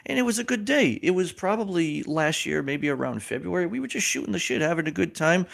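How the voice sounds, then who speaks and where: A man's voice: fairly high pitch, expressive, a little fast, creaky, a bit bright. A man in his thirties, a podcast guest who tells a jokey, profane story with dramatic flair. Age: 30s. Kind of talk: casual chat.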